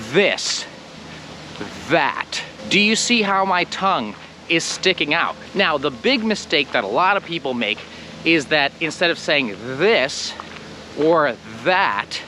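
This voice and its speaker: A man's voice: a little high, animated, slow, sharp tone, slight background noise. Blunt man drilling English pronunciation. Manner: blunt, emphatic, drills sounds by repeating them. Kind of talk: direct-to-camera pronunciation lesson.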